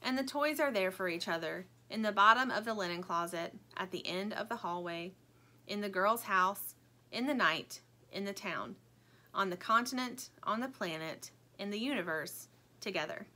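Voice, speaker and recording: A woman reading a children's storybook aloud in a gentle storytelling manner. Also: mid-range voice, moderate pace. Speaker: storybook reader.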